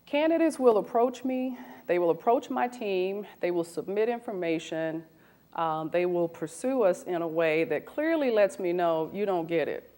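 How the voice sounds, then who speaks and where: A woman in her forties, a recruiter, giving a lively talk to an audience and asking them questions. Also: on the low side, normal speed. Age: 40s. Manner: animated, asks the audience questions.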